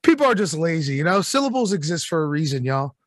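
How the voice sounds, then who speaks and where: A man's voice: on the high side, big pitch swings, fast, no room sound, clean studio sound. A man telling stories as a guest in a casual podcast chat, laid-back and joking.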